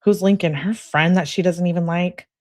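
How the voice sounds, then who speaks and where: A woman's voice: fairly low pitch, steady tone, moderate pace, darkish tone, no room sound, studio quality. A woman giving casual true crime commentary in a blunt, sarcastic way, reading out text messages.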